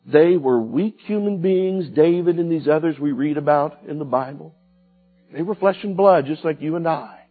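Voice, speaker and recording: A man preaching a sermon, swinging from loud cries to hushed, quiet lines. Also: fairly high pitch, moderate pace. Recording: tinny phone-like sound with faint music.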